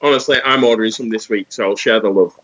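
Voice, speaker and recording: A man's voice: fairly low pitch, quick pace, background noise. A tipsy man telling a rambling story on a casual chat. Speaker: panel guest. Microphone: video call. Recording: muffled video call audio.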